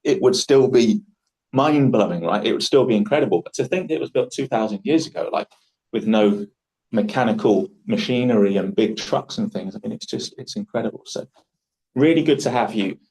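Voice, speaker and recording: A man's voice: medium pitch, lively intonation, a little fast, a little mellow, poor audio. A man with an English accent hosts a public speaking workshop in a chatty, jokey storytelling way. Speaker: workshop host. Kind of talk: casual workshop hosting.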